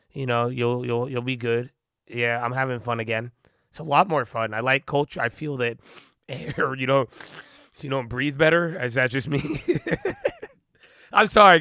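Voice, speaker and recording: A man of ordinary pitch rambles casually to his livestream chat, calling viewers bro and man as he goes. His voice is smooth and clear. The sound is dry and close, with no room echo. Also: bright, forceful tone. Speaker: stock trading streamer.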